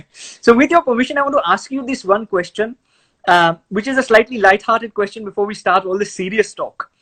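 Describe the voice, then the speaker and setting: A man's voice: high voice, moderate pace, fairly bright tone. A man with an Indian accent hosting a chat show over a video call, effusive and given to repeating his words as he talks. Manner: effusive, repeats words and restarts often, laughs easily. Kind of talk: casual video-call interview.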